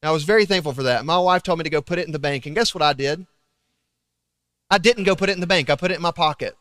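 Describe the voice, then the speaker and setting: A young man preaching a sermon, telling stories with loud emphasis and hushed asides. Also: a little high, fast talker. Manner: animated storytelling, swinging between loud emphasis and hushed asides. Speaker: pastor. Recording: long reverb of a large hall.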